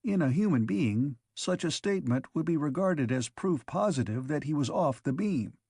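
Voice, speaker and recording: A man narrating a science fiction audiobook in a measured, even storytelling manner. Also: a little high, slightly rough, no echo, clean studio sound.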